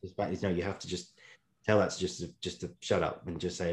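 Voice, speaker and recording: A man with a very low voice hosts an interview. He rambles through his questions with plenty of filler words and stays encouraging toward his guest. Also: steady tone, a little fast, darkish tone. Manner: rambling, encouraging, laughs often. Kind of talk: conversational interview.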